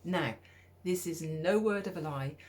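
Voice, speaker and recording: A middle-aged woman from the UK telling a personal story in a lively, conversational way, acting out her own thoughts. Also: lowish voice, a little slow. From United Kingdom. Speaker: speaker.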